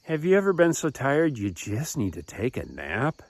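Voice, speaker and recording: A man telling a Bible story to children, expressive and animated. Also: medium pitch, moderate pace, creaky, no room sound.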